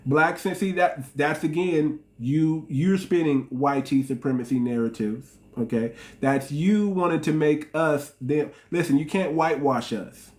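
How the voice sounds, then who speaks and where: A man with an African American English accent hosts his channel with a heated, sarcastic rant. He repeats his points and mocks his opponents. His voice sits a little high for a man. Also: a little slow, few pauses, darkish tone. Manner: heated, repetitive, mocking, sarcastic. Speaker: channel host. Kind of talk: solo commentary rant.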